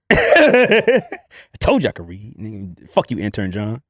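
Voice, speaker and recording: Joking animated man podcaster. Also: lowish voice, normal speed, no room sound, clean studio sound. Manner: animated, joking, profane banter. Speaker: podcast co-host. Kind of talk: casual podcast chat.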